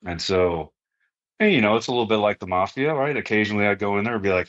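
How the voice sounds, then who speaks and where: A man's voice: on the low side, quick pace, fairly bright tone. A middle-aged man, a retired army sergeant major, speaking casually as a podcast guest in a plain-spoken way, often tagging sentences with "right?". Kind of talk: casual conversational interview.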